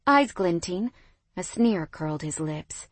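Expressive young woman narrating a romance. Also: fairly low pitch, slow, no echo. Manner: expressive, emotional dialogue reading. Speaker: audiobook narrator. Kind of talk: first-person romance narration.

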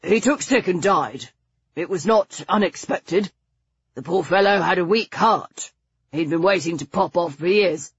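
A woman's voice: fairly low pitch, unhurried, slightly rough, dry recording, highs cut off. A woman reading the part of an irritable older English aristocrat man who talks bluntly and grumbles. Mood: bitter.

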